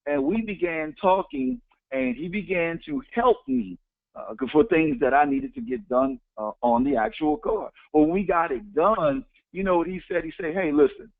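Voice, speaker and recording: A man's voice: a little high, moderate pace, no echo. A man giving a motivational talk. He speaks emphatically, repeats key phrases and counts off his points. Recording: tinny phone-like, dry sound.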